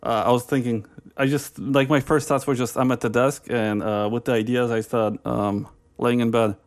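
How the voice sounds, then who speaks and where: A male interviewer answering in a hesitant, halting way. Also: mid-range voice, flat delivery.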